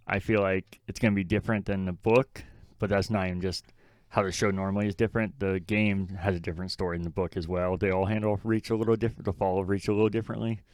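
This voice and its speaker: Man, casual podcast co-host, blunt, swears a lot, lowish voice, smooth, dry sound. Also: no room sound. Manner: blunt, swears freely, quotes lines mockingly. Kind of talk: casual chat.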